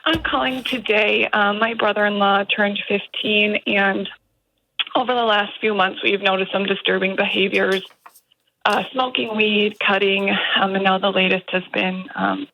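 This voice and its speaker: Hesitant woman caller with a gravelly voice. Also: medium pitch, little pitch movement, normal speed, muffled recording. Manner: hesitant, with many ums. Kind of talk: phone-in question.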